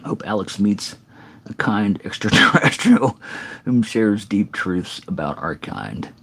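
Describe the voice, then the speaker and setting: A man's voice: lowish voice, expressive, slow pace, vocal fry, a bit bright, faint music behind. A middle-aged man, out of breath, giving rambling, earnest advice in a casual live-stream chat between songs. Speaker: singer-songwriter streamer.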